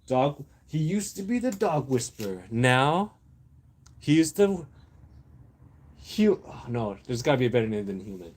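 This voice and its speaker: A man hosting a casual livestream, rambling through random topics with viewers, laughing often and brainstorming out loud. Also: medium pitch, big pitch swings, unhurried. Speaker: livestream host.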